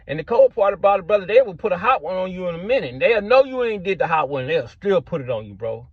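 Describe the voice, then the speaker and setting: A middle-aged man with a slightly high voice tells a story in loose street slang, tossing in "man" and "bro" all the time. The sound is dull and lo-fi, and the recording is dry and close. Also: big pitch swings, quick pace, no echo. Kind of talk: casual storytelling to camera.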